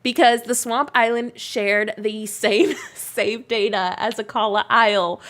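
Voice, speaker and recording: A young woman streaming a game, chatting casually, giggling often and bursting into excited outbursts. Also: on the high side, a little slow, few pauses. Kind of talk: casual live-stream chat while playing.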